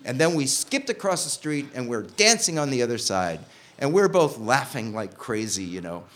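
A man's voice: very animated, moderate pace, a bit bright. A man telling an emotional personal story from his own life, acting out the people he quotes. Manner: emotional, voices quoted people with big pitch jumps.

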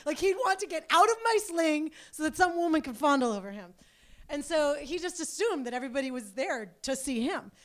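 Woman around forty, high voice, chatty and rambling, casual personal storytelling. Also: animated, a little fast. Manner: rambling, filler-heavy, chatty.

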